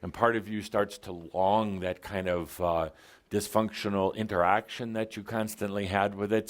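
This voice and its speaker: A man giving a live channeled spiritual talk to an audience, playful and theatrical, often laughing and teasing the people in the room. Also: lowish voice. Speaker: channeler addressing a spiritual group.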